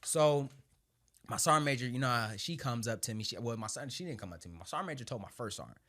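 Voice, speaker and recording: Talking fast in a mid-range voice, this thirtysomething ex-Marine sergeant recounts his story with lively energy. He laughs frequently and swears in a casual way.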